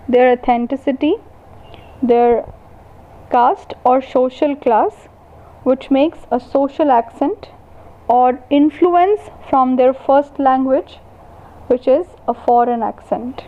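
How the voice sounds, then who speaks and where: A woman university lecturer giving a recorded lecture, slowly and deliberately defining terms one by one. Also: high-pitched. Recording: tinny phone-like sound.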